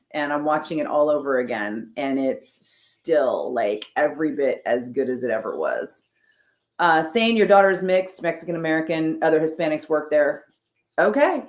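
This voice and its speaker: A woman with a deep, low voice talks casually as she reads and answers her viewers' comments. She is wry and sarcastic. The sound is roomy and echoey. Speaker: streamer reading chat. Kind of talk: casual chat. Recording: roomy echo.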